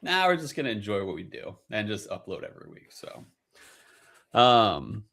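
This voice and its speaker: A male podcast host talking in a loose, joking way and drifting off into tangents with lots of filler words. His delivery is animated, with a bright and forceful tone and a pitch that moves around a lot. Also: normal speed, vocal fry. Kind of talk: casual podcast chat.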